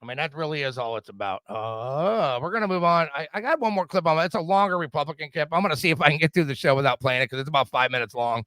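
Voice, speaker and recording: A middle-aged man hosts a podcast in a heated, profane rant, tripping over repeated words as he pushes his points. His voice sits high and bright. The sound is close and dry. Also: expressive, fast talker, hardly any pauses, no room sound. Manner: profane, fired-up, repetitive stammering restarts. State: drinking whiskey. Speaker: podcast host. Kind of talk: casual political rant.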